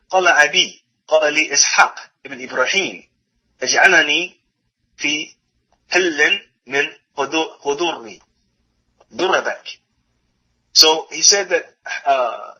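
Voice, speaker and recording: A man's voice: fairly high pitch, sharp tone, lo-fi sound. A man giving a religious lecture, reading a text aloud and translating it, often repeating and correcting himself. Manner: halting, self-correcting, repeats phrases while translating.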